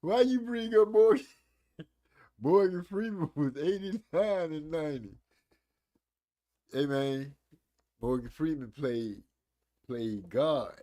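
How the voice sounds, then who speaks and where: A man in his forties hosts a casual live stream, teasing viewers about old movies and reading chat aloud. His voice is slightly high and mellow, slow, with frequent pauses, and his manner is playful.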